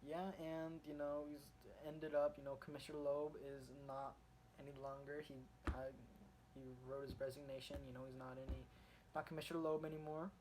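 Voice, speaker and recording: A man with a fairly high voice talks through a comic book review, hopping from scene to scene with eager energy. He rambles, restarts his sentences, and leans heavily on fillers as he goes. A faint hiss of noise sits under his voice. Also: moderate pace. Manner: excited retelling of the story.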